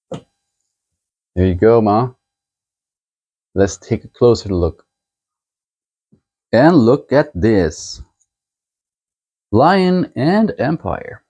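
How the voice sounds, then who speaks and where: A man hosting a book channel, chatting casually as he shows a book set and reviews a novel, unhurried and chuckling as he thinks aloud. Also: medium pitch, dark tone.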